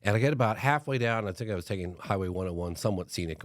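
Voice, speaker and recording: Low-voiced middle-aged man telling stories. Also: fast, dry recording, studio quality. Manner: acts out other people's lines in changed voices. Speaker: documentary filmmaker guest. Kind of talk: animated storytelling in conversation.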